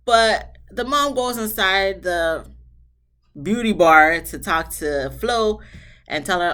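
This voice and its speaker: Lively sassy woman recapping reality TV. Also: medium pitch, slow pace. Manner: animated, sassy, talks back to the cast. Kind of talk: casual TV recap commentary.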